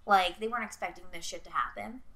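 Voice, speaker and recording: Bright, chatty young woman co-host. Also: lowish voice, lively intonation, fast talker. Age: young adult. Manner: chatty, swears freely, acts out lines from the film. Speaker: podcast co-host. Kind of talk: casual movie chat.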